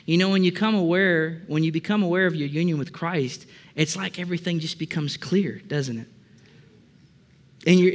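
Chatty male pastor, higher-voiced. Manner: chatty, joking, asks the congregation questions. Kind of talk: conversational sermon. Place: church service before a congregation.

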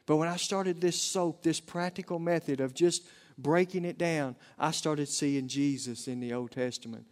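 A man's voice: on the high side, moderate pace, darkish tone. A middle-aged man with an Oklahoma Southern accent, preaching a folksy, conversational sermon to a congregation.

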